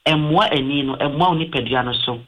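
A man's voice: a little high, fairly quick, muffled recording, a crowd in the background. A man with a Ghanaian accent, an eye doctor giving health advice on a talk show, explaining patiently and mixing in English terms.

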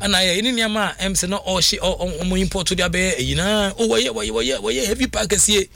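A man hosts a radio sports show. His voice sits a little high and sounds bright and forceful, and his delivery is animated and excitable, with frequent laughter. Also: quick pace, creaky.

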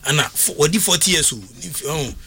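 A man giving casual sports news commentary, talking excitably with emphatic repetitions and frequent restarts. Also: on the high side, normal speed.

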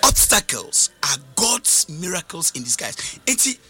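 Animated high-voiced Ghanaian preacher. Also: male voice, unhurried, slightly rough, soft background music. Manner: switches between English and Twi, lively call-and-response preaching. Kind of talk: sermon.

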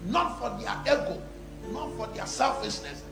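A male pastor with a high, gravelly voice that swings widely in pitch. He preaches in call-and-response, and the sound is echoey, with loud music playing behind him. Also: lively intonation, moderate pace. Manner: preaching that builds to shouted prayer. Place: church service.

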